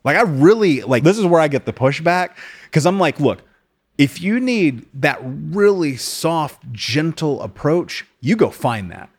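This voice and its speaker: A man's voice: fairly high pitch, very animated, unhurried, husky. A man from the United States in his late thirties, a podcast guest telling his story bluntly in casual interview talk, swearing often and calling people dude.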